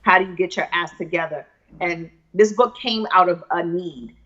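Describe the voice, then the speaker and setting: A woman's voice: lowish voice, moderate pace, fairly bright tone. Confident woman author, muffled audio. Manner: confident, persuasive, speaks like a motivational speaker. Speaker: author being interviewed. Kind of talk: live video interview.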